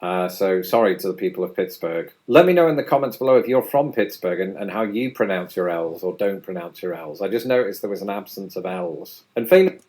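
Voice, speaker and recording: A man's voice: low voice, expressive, brisk, few pauses, darkish tone. A British man giving wry, playfully exaggerated scripted narration as a YouTuber. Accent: British English. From Britain.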